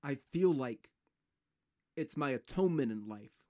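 A man's voice: mid-range voice, expressive, unhurried, a little mellow. Fired-up, profane male podcast host. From United States. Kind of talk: ranting solo podcast.

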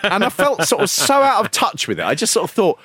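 Male podcast co-host, sardonic and expressive, very dry mic. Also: sits high, quick pace, slightly rough, no echo. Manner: sarcastic, animated, mimics voices. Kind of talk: casual wrestling chat.

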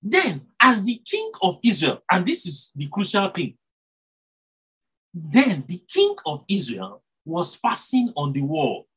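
A man preaches to his congregation, his voice swinging widely between high and low. His tone is slightly husky. He stops and restarts phrases as he builds his points. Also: slow pace, rough recording. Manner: animated, rises and drops for emphasis, self-corrects, chuckles. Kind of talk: sermon.

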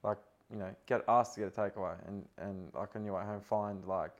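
A man's voice: on the low side, steady tone, a little fast, muffled recording. A man in his thirties with an Australian accent, a footballer guest telling stories in a casual podcast chat, with many fillers and restarts.

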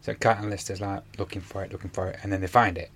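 Man, lowish voice, chatty, rambling, lots of fillers. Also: steady tone, fast, fairly bright tone, husky. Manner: rambling retelling with many fillers. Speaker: podcast co-host. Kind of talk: casual chat.

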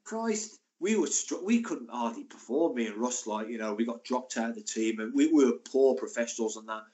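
Animated man in his sixties telling stories. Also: mid-range voice, brisk. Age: 60s. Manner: animated, laughing anecdotes. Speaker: former footballer, guest. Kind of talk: casual storytelling.

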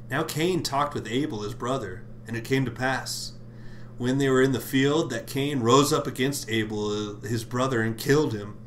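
A man's voice: medium pitch, moderate pace, a little hiss or hum. A man hosting a podcast, reading scripture aloud with irreverent comic commentary, swearing and laughing between lines. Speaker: podcast host. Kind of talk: comedic Bible reading with commentary.

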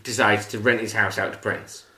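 A man's voice: on the low side, little pitch movement, moderate pace, pushed and bright. Rambling storytelling man, echoey room. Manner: rambling anecdote with acted quotes. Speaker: podcast co-host. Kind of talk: casual storytelling chat.

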